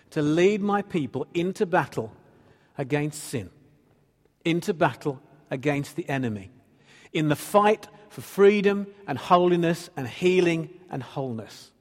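A man's voice: on the high side, darkish tone, in a large hall. A man preaching a sermon as pastor, earnestly reading and explaining scripture.

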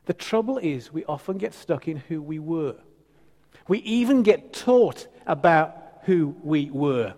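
Man, preacher, fairly high voice, conversational and emphatic, long hall reverb. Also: expressive, a little slow, a little mellow. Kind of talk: sermon.

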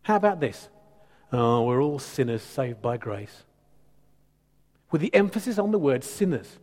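A man's voice: mid-range voice, very animated, a little slow, pauses often, a little mellow. A man preaching a sermon in a conversational, teasing, emphatic way. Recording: reverberant hall.

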